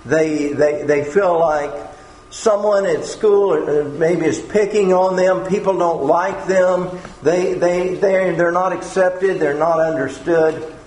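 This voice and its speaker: A man's voice: high voice, steady tone, slow, darkish tone. A man preaching a sermon in an earnest way, often repeating words as he searches for the phrasing. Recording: echoey room with faint background noise.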